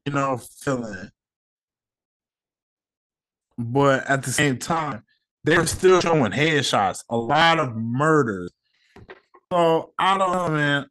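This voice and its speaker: A man's voice: fairly high pitch, fairly bright tone. Slangy man ranting on his podcast. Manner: slangy, profane, heated opinions. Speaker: podcast host. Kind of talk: casual solo podcast rant.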